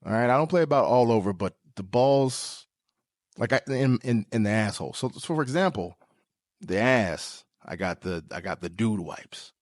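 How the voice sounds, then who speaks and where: A man telling jokes as a podcast host, his pitch swinging widely as he leaps into squeaky bits. The sound is dry and close on the mic. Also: normal speed, no room sound. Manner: animated, joking, with sudden jumps into high squeaky tones. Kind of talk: comedic monologue.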